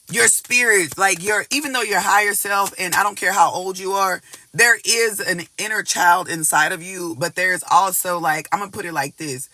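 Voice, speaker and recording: Giving his viewers a laid-back tarot reading, a man speaks in a high, very bright voice with animated energy and plenty of cursing. He circles back over his own words and phrases. The sound is close and dry, with no echo.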